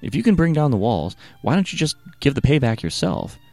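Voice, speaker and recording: A man voicing a blunt ancient war leader who fires off quick, incredulous questions. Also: mid-range voice, big pitch swings, a little mellow, no echo, faint music behind, pitched above the performer's own voice. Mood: skeptical.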